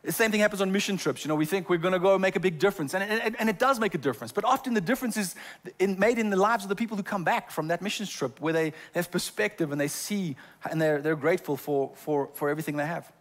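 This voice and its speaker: Male pastor, sermon in a church, fairly high voice, stammering repeats. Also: quick pace. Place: church sanctuary.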